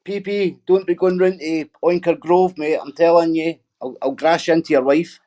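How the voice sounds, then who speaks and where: A man's voice: a little high, steady tone, normal speed, dark tone. A middle-aged man hosting a casual livestream, reading out viewer comments and answering them with sweary, mocking banter.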